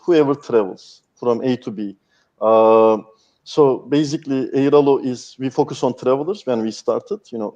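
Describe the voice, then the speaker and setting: A man's voice: mid-range voice, darkish tone, dull audio. A man, a guest speaker talking candidly and passionately, swearing freely. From Turkey. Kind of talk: candid interview talk.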